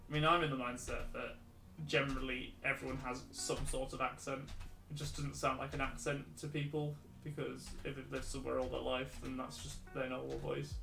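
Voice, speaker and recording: A British man with a mixed Midlands and Scouse English accent chats loosely and laughs easily while drawing on a stream. His medium-pitched voice is gravelly, fairly quick and shows little pitch movement, and the recording has roomy echo with faint music.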